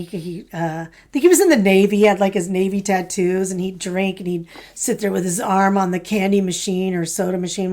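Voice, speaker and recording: Frank, animated woman in her fifties. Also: mid-range voice. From California. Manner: frank and animated, with light swearing. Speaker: podcast co-host. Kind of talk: casual chat.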